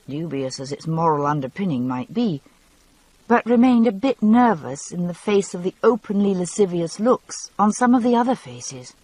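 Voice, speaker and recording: Husky-voiced woman narrating an audiobook. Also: on the low side, dry recording, low-quality recording. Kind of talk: first-person novel narration.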